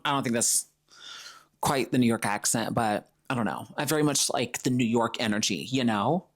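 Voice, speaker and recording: A man hosting his own podcast alone, talking casually and playfully, dropping into comic voices when he quotes people. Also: medium pitch. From Florida. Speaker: podcast host. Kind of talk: solo podcast monologue.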